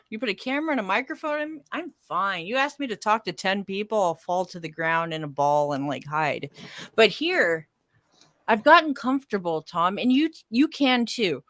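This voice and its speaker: A woman guest chats casually over a video call, animated and quick, full of fillers and restarts. Her mid-range voice sits close and dry, with no room sound around it. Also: medium pitch, no echo. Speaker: podcast and radio host, guest.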